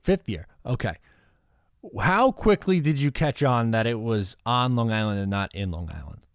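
A man's voice: mid-range voice, moderate pace, clean tone, dry recording, clean studio sound. A man co-hosting a casual podcast chat, joking and teasing. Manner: lively, joking, mocking. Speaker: co-host.

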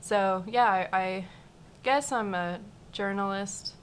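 A woman's voice: mid-range voice, slow, slight background noise. A woman in her twenties, a podcast guest, chatting casually and making dry jokes. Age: 20s. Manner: joking, deadpan about grief. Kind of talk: casual chat.

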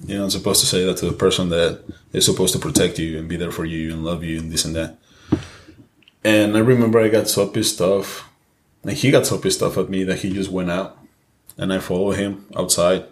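A man's voice: low voice, steady tone, brisk, a little hiss or hum. A young man co-hosting a casual podcast, recounting a personal story candidly and emotionally, swearing freely. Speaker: podcast co-host.

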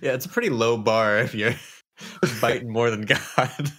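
A man co-hosting a casual chat, reacting with easy laughter and telling his own stories in a relaxed way. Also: mid-range voice, measured pace. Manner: relaxed, amused, chuckling reactions. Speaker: podcast co-host.

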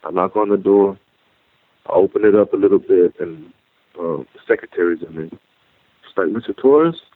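A man telling his own story as a guest, halting and repeating words as he goes. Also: low voice, fairly even intonation, dry recording. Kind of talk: personal storytelling. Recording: tinny phone-like line.

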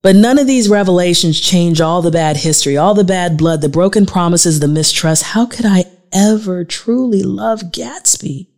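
A Southern woman in her forties narrates her memoir as an audiobook, with a Southern American accent. Her voice sits fairly low, and her reading is emotional and confessional. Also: moderate pace, hardly any pauses, a little mellow. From Southern United States. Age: 40s.

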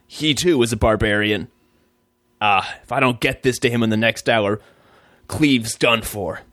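A man voicing a gruff but soft-hearted male barbarian adventurer who rambles and pleads. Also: medium pitch, measured pace, no room sound, clean studio sound, lightly acted. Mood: pleading.

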